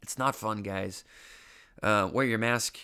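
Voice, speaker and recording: A man's voice: fairly low pitch, takes it slowly, pushed and bright, clean tone. A young man hosting a podcast, telling a rambling, self-mocking story in a casual way, with a congested, stuffy voice and plenty of swearing. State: congested, getting over an illness. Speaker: podcast host.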